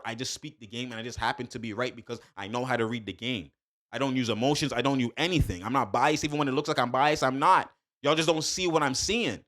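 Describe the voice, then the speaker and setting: A man's voice: medium pitch, bright, forceful tone. A man giving a casual, emphatic basketball breakdown, full of slang, repeating points and talking straight to his viewers. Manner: emphatic, fired-up, heavy slang, addresses viewers directly. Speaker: sports commentator.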